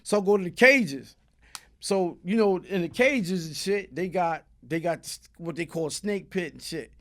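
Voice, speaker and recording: This is a man from Brooklyn with a New York accent, guesting on an interview show. He tells his story in a high, lively voice, playing out each person he quotes and keeping the listener hooked with "you heard?". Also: normal speed. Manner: animated street storytelling, acts out voices, frequent "you heard?".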